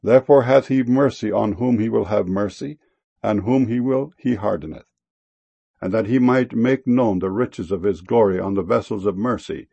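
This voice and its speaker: A man giving a solemn, measured scripture reading. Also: on the low side, vocal fry, dark tone, husky, lo-fi sound.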